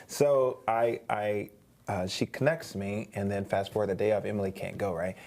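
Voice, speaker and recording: A man's voice: on the low side, steady tone, normal speed, a little mellow. A middle-aged man, a guest on an interview show, animatedly telling a story, acting out quoted voices, with frequent restarts.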